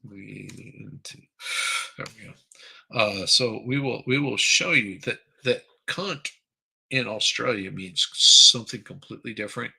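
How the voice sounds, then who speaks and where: A man's voice: fairly low pitch, a little slow, creaky, pushed and bright, husky, poor audio. A man hosting a live stream, chatting casually and crudely, rambling while he reads viewer comments aloud. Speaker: livestream host.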